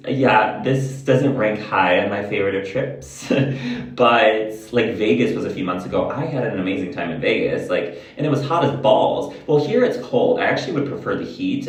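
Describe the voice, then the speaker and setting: A man vlogging in a candid, rambling way, swearing freely as he chats to the camera. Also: on the low side. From United States. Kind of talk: casual chat to camera. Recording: roomy, mic at a distance.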